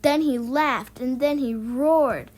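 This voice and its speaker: High-voiced woman reading a storybook. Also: takes it slowly, rough recording. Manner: lively, with voiced sound effects. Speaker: reader. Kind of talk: children's book read aloud.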